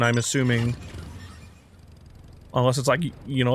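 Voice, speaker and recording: A man's voice: mid-range voice, steady tone, moderate pace, long pauses, a bit bright. Tired guy rambling and cursing while he plays, faint game music behind. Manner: profane, jokey, rambling asides. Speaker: gaming channel host. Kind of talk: casual let's play commentary.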